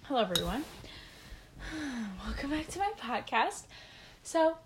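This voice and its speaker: Rambling teen girl podcaster, slightly high. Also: sing-song, slow, heavy background noise. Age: teens. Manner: rambling, self-interrupting, stumbles over words; eating while talking. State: out of breath. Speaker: podcast host. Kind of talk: casual solo podcast chat.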